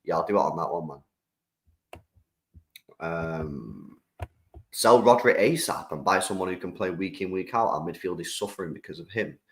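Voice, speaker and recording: Brief: young British male streamer, lowish voice, slangy and animated, chatting to viewers. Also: moderate pace, long pauses, poor audio. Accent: British English. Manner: slangy, animated, talks to the chat. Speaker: streamer host. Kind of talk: live-stream football reaction chat.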